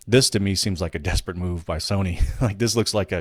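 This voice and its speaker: A man's voice: sits low, expressive, a little fast, dry recording, studio quality. A man hosting a weekly gaming news show, talking in a rambling, profane, casual way with frequent restarts. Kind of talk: casual solo commentary.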